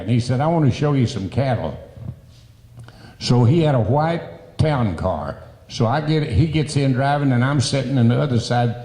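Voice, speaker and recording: A man with a dark, mellow voice spins a folksy, rambling cowboy yarn, acting out the quoted lines. His voice carries a long reverb, as if he is in a roomy hall. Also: mid-range voice. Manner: folksy, rambling storyteller who acts out quotes. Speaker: interviewee, rodeo cowboy. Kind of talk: casual anecdote telling.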